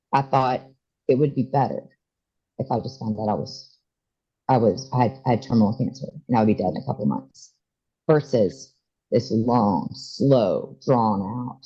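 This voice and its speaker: A woman in her forties tells a hard personal story as a podcast guest, often halting and restarting. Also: a bass voice, warm tone, slightly rough, lo-fi sound. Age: 40s. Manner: emotional, halting, many restarts. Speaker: interview guest.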